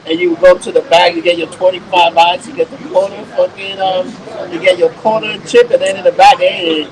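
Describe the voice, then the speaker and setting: A man's voice: high-pitched, flat delivery, fairly quick, a crowd in the background, rough recording. A man co-hosting a podcast, talking in a loose, rambling, profane and jokey way. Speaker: podcast co-host. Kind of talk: casual chat.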